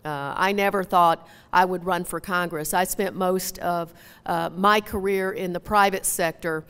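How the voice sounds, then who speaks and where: A woman with a Minnesotan twang speaks at a podium, her lowish voice smooth and clear. Her talk is folksy and earnest, full of small pauses and fillers, and it rings out with a long reverb through a big hall. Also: steady tone, fairly bright tone. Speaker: member of Congress. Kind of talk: town hall speech. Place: large hall. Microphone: podium mic.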